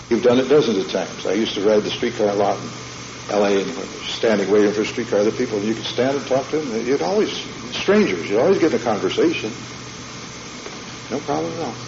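A man with a mid-range voice preaches a sermon in a folksy, emphatic style, frequently checking in with the congregation. It's a dull lo-fi sermon tape from an echoey hall, with noise in the background.

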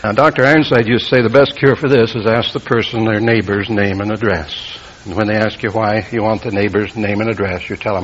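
Man teaching Scripture in a husky voice. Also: fast, highs cut off. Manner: explains the Greek grammar, rising loudly for emphasis then dropping low. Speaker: preacher. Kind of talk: verse-by-verse Bible teaching sermon.

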